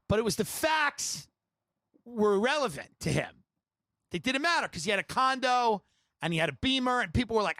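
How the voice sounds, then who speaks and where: Man, comic storyteller, bright high voice, dry close mic, rambling and laughing. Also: very animated, no echo. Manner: rapid, rambling anecdotes with laughter and impressions. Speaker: podcast host. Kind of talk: comedic storytelling.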